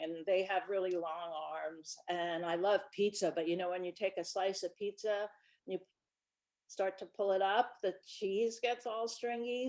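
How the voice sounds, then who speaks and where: A woman in her sixties, a children's book author, chatting through stories from her life in a relaxed presentation. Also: fairly low pitch. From Brooklyn, New York. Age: 60s. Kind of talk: casual storytelling presentation.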